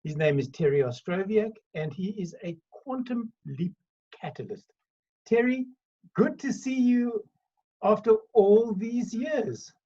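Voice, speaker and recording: A man hosting a casual video-call interview, chatty and quick to laugh and joke with his guest. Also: sits high, lively intonation, mellow, muffled recording. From South Africa. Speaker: interview host.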